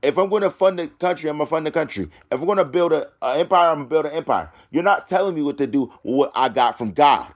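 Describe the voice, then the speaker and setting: A man reading scripture aloud and breaking off into loud preaching and taunting, drawling slowly through the verses. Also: on the high side, animated. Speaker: self-styled preacher.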